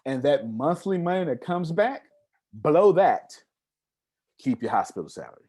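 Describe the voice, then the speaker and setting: A man's voice: on the high side, big pitch swings, a little slow, warm tone, slightly rough. A man giving an emphatic live seminar talk on money, repeating words for stress and asking his audience questions. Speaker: motivational speaker.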